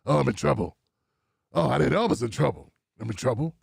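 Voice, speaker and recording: A man's voice: medium pitch, lively intonation, fast, vocal fry, breathy edge, voice pushed down, heavily acted. A man putting on a flustered older woman TV host who rambles and repeats herself defensively.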